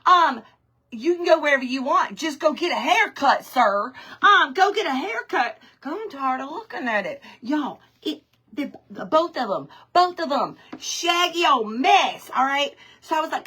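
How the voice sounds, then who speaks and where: Woman, 40s, live craft host: high, bright, a bit husky, chatty and quick to laugh. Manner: chatty, greets viewers by name, laughs often. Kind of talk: live-stream chat while crafting.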